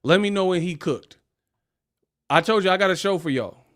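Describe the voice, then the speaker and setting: A man's voice: high-pitched, moderate pace, a bit bright. A man hosting a casual livestream rant, talking in slang and laughing off his critics in a mocking, dismissive way. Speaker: livestream host.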